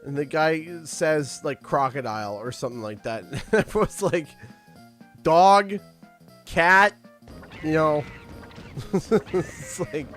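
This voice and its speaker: A man casually chatting and joking on a game livestream, animated and full of mock outrage. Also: on the high side, slow, soft background music. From Canada. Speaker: streamer. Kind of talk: casual livestream chat while gaming.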